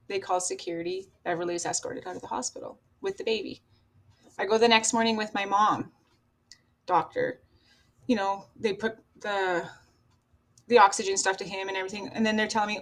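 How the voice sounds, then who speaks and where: A woman from Canada, a podcast guest, telling a painful personal story in a raw, halting, emotional way. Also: medium pitch, expressive.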